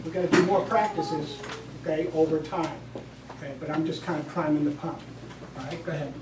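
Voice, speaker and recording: A woman's voice: deep voice, steady tone, fairly quick, heavy background noise. A woman teacher coaching a classroom through steps, giving directions in an instructive way. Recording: echoey classroom from far off.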